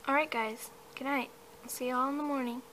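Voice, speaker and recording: A woman's voice: sits high, fairly even intonation, fairly quick, bright, forceful tone, slight background noise. A woman acting out every part of a homemade horse stable story, with hesitant fillers. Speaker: toy horse story creator.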